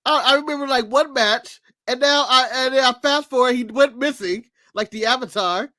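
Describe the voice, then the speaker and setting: A man's voice: extremely high pitch, normal speed, sharp tone, no echo, studio quality. A man co-hosting a casual wrestling podcast, blunt and joking, swearing freely. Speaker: podcast co-host.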